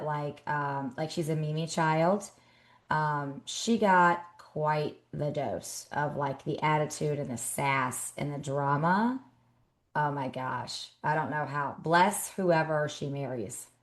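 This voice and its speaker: A woman in her thirties co-hosting a podcast in casual chat, animated and acting out scolding her kids. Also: low voice, takes it slowly. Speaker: podcast co-host.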